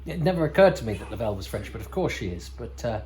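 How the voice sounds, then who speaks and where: A man's voice: medium pitch, big pitch swings, fast, darkish tone, slight background noise, poor audio. A man hosting a podcast, giving casual, rambling commentary over a TV episode with wry asides and frequent self-corrections. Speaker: podcast host.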